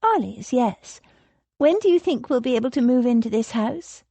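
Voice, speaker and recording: A spirited young noblewoman, eager and pressing, with a lively, swooping pitch, as a woman narrator puts her on. The voice is a little husky and close to a dry mic. It is a slow audiobook reading. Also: no room sound.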